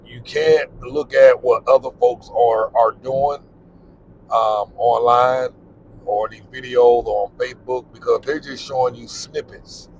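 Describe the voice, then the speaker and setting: A man's voice: mid-range voice, fairly even intonation, a little slow, slight background noise, low-quality recording. Blunt middle-aged man vlogging. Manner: candid, repetitive, plain-spoken. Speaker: vlogger on living abroad. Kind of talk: casual advice monologue while driving. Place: in a car.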